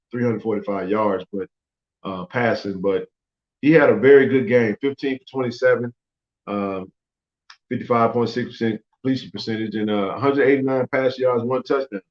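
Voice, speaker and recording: Excitable man talking sports. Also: moderate pace. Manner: animated, teasing, rising high when excited. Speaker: sports podcast host. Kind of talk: casual sports talk. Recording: roomy, dull lo-fi sound.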